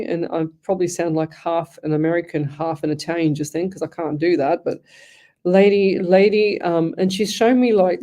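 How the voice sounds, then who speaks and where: A woman's voice: on the low side, dark tone. A woman hosting a live radio show as a psychic medium, chatty and rambling with frequent restarts. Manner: chatty, rambling, thinks aloud with many restarts.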